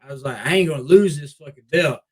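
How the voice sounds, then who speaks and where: Young wrestler guy swearing thru an animated story, bit high voice. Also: quick pace, slight background noise, rough recording. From Memphis Mid-South area. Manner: profane, animated, repeats "I was like". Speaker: wrestler guest. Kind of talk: casual storytelling.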